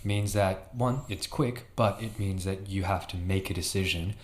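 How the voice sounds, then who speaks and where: A man's voice: low-pitched, normal speed. A man hosting a casual chat as the game master, explaining his choices with enthusiasm and agreeing often. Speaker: podcast host, dungeon master.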